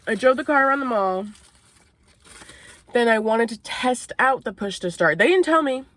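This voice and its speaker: Eating in a parked car, a young Maine woman vlogs a casual story, cursing and laughing between bites. She sounds on the high side and a bit bright, with lively intonation at a moderate pace and no room sound.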